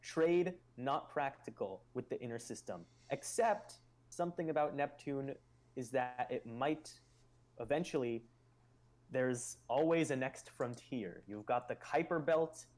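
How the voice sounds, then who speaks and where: A man hosting a live stream in casual explanatory chat. He muses aloud and speculates, with loose fillers between his points. His voice sits at a middling pitch for a man. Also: measured pace, darkish tone.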